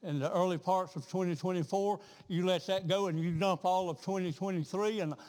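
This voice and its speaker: A man preaching a revival sermon in a church, talking in a rhythmic, repetitive way that swells into loud, fervent peaks. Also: sits high, fairly even intonation, a little fast, big-room sound. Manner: rhythmic, repeats himself, builds to loud fervent crescendos. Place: church sanctuary.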